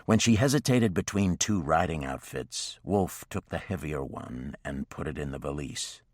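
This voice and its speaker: A male narrator with a very deep voice reads a historical romance in a measured, even way. The recording is close and dry, with no room sound at all. His steady reading keeps the story moving. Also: dry recording. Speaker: audiobook narrator. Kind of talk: scripted audiobook narration.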